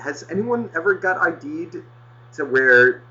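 A man rants through a long story with a bright, forceful voice, swearing every few words. He rambles and restarts as he talks to his co-host. The audio is muffled and lo-fi. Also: a little high, unhurried. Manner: animated, swears constantly, rambling. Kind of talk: casual profane storytelling.

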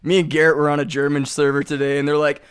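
A man's voice: a little high, monotone, fast talker, clean tone. A young man in casual chat with friends, laughing often and slipping into mock foreign accents.

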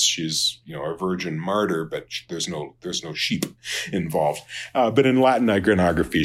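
A man teaching a Latin lesson in an unscripted lecture, halting with many fillers and restarts and dry asides. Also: deep voice, a bit bright. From Minnesota, United States.

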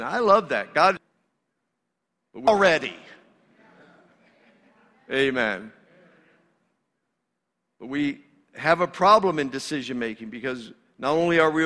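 A man's voice: fairly high pitch, bright, forceful tone. A male pastor delivering a sermon in a conversational, emphatic way, in a church sanctuary. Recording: long reverb of a large hall.

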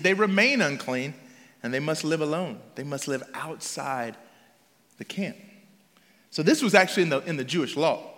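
A man's voice: high voice, sharp tone, in a large hall. A man preaching a sermon as pastor in a conversational, emphatic way, often restarting his phrases.

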